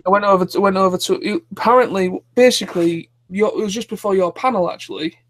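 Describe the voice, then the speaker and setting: A man's voice: high voice, quick pace, fairly bright tone. A man hosting a live stream, chatting casually and rambling with many restarts. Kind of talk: casual chat.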